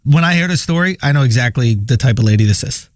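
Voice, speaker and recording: Mid-pitched, thoughtful male co-host. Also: lively intonation, fast, no room sound. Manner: thoughtful, hesitant, many "yeah" backchannels. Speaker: podcast co-host. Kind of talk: casual chat.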